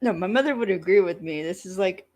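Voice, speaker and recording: A woman co-hosting a podcast, casually recapping an episode with lively acted-out quotes and frequent laughs. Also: lowish voice, quick pace. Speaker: podcast co-host.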